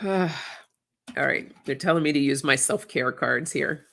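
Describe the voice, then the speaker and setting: An oracle card reader hosting a casual livestream, chatting warmly with viewers, reading out their comments and getting emotional. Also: medium pitch, unhurried, creaky, slight background noise. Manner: effusive, reads viewer comments aloud, gets emotional.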